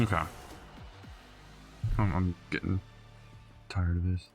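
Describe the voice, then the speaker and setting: A man streams gameplay, grumbling at his teammates in casual, exasperated commentary. His voice is low and creaky at a measured pace, with game music behind it.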